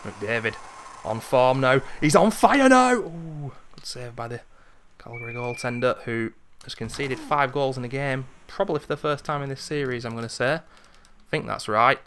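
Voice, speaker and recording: A man's voice: medium pitch, normal speed, slight background noise. Chatty man calling a hockey game. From Britain. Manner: chatty, drifts into memories, rises into excited calls at goals. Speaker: gaming video host. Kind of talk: casual play-by-play commentary of a retro hockey video game.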